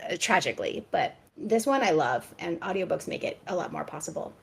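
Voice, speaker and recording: A woman author chatting as a podcast guest, enthusiastic and quick to laugh, often restarting her sentences. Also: fairly low pitch, animated, vocal fry, breathy edge. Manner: frequent restarts and stammers. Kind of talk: casual podcast chat.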